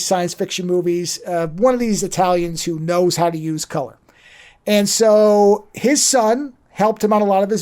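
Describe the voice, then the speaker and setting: A podcast host who talks at length in a middle-pitched voice. They ramble, lose a word, then circle back to it. It is casual chat on a close mic. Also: darkish tone. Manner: rambling, explains at length, loses words mid-thought.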